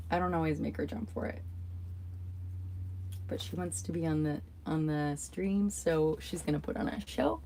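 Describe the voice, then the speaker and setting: A woman's voice: low-pitched, moderate pace, mellow, a little hiss or hum. A woman hosting a casual livestream from home, telling a rambling story full of asides. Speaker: livestream host.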